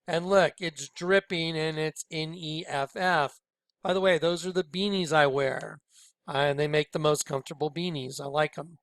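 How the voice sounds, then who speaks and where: A man talks in an urgent, preachy way, swinging between loud outbursts and low, hushed asides. His voice sits a little high and sounds smooth and clear. The sound is dry and close, with no room echo. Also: steady tone, normal speed. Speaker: video host. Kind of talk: conspiratorial commentary on images.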